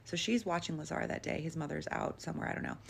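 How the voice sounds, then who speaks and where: A woman's voice: deep voice, fast talker, vocal fry, a little hiss or hum. A woman casually retelling a paranormal story she heard, in a conversational way with lots of filler words.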